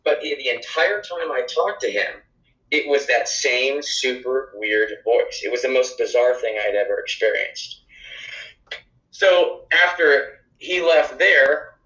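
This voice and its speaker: A man talking as a podcast guest, telling a story in a conversational, animated way with exclamations. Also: mid-range voice, slow pace. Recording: echoey room, dull lo-fi sound.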